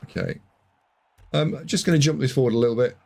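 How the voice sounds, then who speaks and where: A man casting a video game match, excitable, jumping from loud shouts to muttered asides. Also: medium pitch, brisk, creaky. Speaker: game caster.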